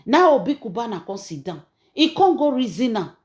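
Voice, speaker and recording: A Nigerian woman hosting her own channel, telling gossip in an emphatic, preachy way that swings between loud and soft. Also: fairly high pitch, very animated, moderate pace. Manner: emphatic, preachy, rising and falling in loudness. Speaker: channel host and gossip storyteller. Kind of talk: animated gossip commentary.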